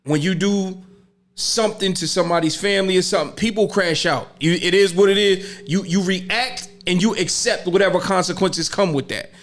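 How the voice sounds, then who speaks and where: High-voiced man explaining earnestly. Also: moderate pace. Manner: explaining earnestly, often says "you see what I'm saying". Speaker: podcast co-host. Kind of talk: casual podcast chat.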